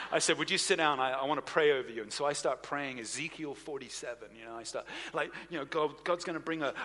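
A man preaching a sermon, telling a personal story in an animated, anecdotal way with asides to the audience. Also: a little high, slight background noise. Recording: reverberant hall sound.

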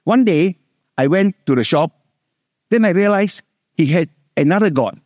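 A middle-aged man with a Singaporean English accent, preaching a sermon, repeating key words and slowing down to stress scripture. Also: high voice, animated, a little mellow, dry recording.

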